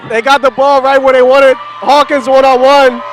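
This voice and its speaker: A man's voice: extremely high pitch, little pitch movement, moderate pace. A man giving color commentary on a live basketball game, with plainspoken, conversational reactions. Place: arena broadcast position. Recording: loud crowd behind.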